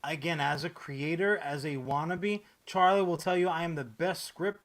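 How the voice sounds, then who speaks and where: A man co-hosting a podcast in casual chat, joking with crude humor and loud outbursts. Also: a little high, steady tone, moderate pace. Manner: profane, jokey, loud bursts. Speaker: podcast co-host.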